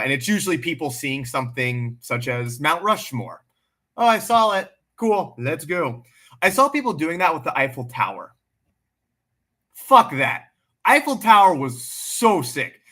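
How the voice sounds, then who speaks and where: A man hosting a casual livestream, answering chat questions in a blunt, animated way and swearing freely. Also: fairly high pitch.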